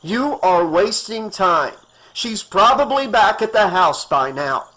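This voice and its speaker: A man's voice: high voice, sing-song, pitched above the performer's own voice, heavily acted, rough recording. A man voicing a firm, impatient male doctor who orders a panicking woman around. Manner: firm, ordering, slow and deliberate.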